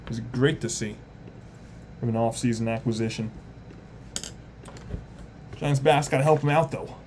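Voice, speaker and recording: A young man calling a baseball game live on a stream in casual play-by-play, chatting with viewers between pitches. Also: measured pace, a little mellow, slight background noise. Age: young adult.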